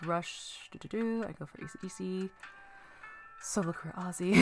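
A woman's voice: lowish voice, fairly quick. A woman with a Southern American accent chatting casually with her live-stream viewers while painting a miniature, giggly and playful. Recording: faint background music.

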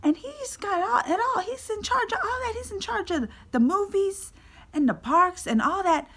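A woman vlogger telling a story with lively energy, swinging between excited shouts and whispered asides and acting out her own lines in quotes. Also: extremely high pitch, moderate pace. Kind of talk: animated reaction storytelling.

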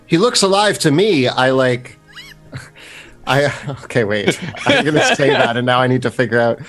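A man's voice: medium pitch, sing-song, moderate pace, fairly bright tone, soft background music. A man playing a tabletop game, speaking hesitantly and laughing at himself. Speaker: player. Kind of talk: casual tabletop play.

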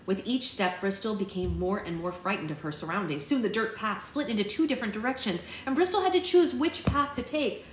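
A woman hosting a book club, reading a children's novel aloud in a steady, plain storytelling manner with small slips. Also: medium pitch, fairly quick, few pauses, reverberant, slight background noise, poor audio.

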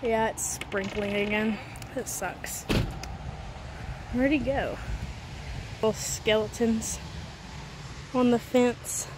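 A woman chatting casually to camera at home, rambling with soft laughs, a bit out of breath. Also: a little high, steady tone, slow, pauses often, background noise. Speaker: vlogger. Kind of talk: casual home vlog chat. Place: home, indoors and outdoors.

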